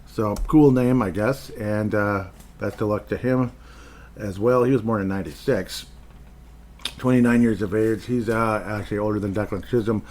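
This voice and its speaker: A man's voice: fairly low pitch, fairly even intonation, normal speed, a little mellow. A man hosting a hockey podcast on his own, rambling through casual commentary with chuckles and asides.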